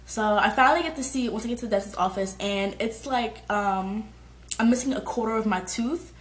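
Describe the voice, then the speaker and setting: Animated young woman telling a storytime. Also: a little high, fairly quick, echoey room. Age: young adult. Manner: animated, slangy storytelling with shrieked quotes. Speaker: vlogger. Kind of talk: storytime vlog.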